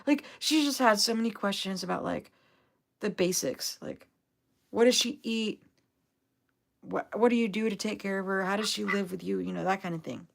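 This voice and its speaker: A woman's voice: medium pitch, fairly even intonation, moderate pace, vocal fry. A young adult woman telling a rambling, upbeat story on a casual livestream, full of fillers. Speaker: vlogger, duck owner.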